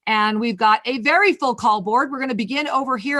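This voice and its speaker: A woman hosting a spiritual talk radio show, effusive with callers and giving intuitive readings in a soft, flowing way. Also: a little high, brisk. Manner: effusive, calls callers sweetheart and angel.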